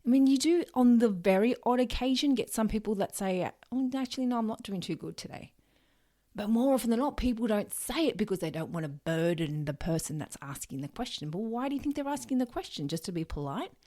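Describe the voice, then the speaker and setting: With barely a pause, this Australian podcaster talks briskly in a dark, mid-range voice full of lively intonation. She addresses listeners earnestly and directly on her solo show, drops the odd swear, and dramatizes ordinary phrases.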